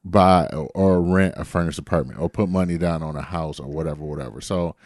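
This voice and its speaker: Deep-voiced laid-back podcast co-host man. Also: brisk, a little mellow. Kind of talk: casual chat.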